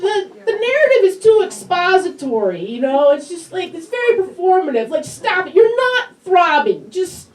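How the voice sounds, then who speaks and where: A woman comedian with a high, cartoonish voice, telling self-mocking stories in a stand-up set. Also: big pitch swings, normal speed, few pauses. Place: comedy club stage with a live audience. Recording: echoey club recorded from a distance, crowd laughing.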